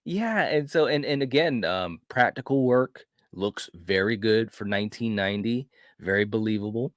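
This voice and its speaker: Man, low voice, dry close sound, casual film recap, animated storyteller, stumbles and restarts. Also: normal speed, dry recording. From grew up in a city. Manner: animated storyteller, frequent restarts and "you know". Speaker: film review podcast host. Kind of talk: casual retelling of a horror film.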